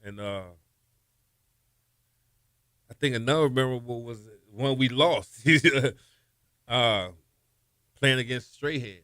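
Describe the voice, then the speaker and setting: A man's voice: medium pitch, takes it slowly, long pauses, a bit bright, clean tone, no echo, studio quality. A man in his fifties, a former college quarterback, telling game stories in a casual interview and laughing as he goes.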